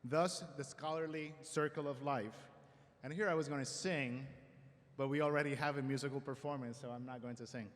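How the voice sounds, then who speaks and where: A man giving a formal convocation address at a school ceremony, measured with light self-deprecating humor, speaking at a podium microphone. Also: mid-range voice, steady tone. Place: large auditorium. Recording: long hall reverb in a large auditorium.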